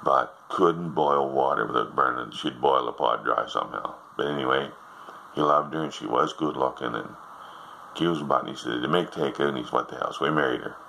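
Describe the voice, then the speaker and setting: A man's voice: a bass voice, brisk, vocal fry, sharp tone, slight background noise, rough recording. An older man telling jokes in a folksy, meandering way, drifting into asides as he goes. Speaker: joke teller. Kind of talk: rambling joke telling.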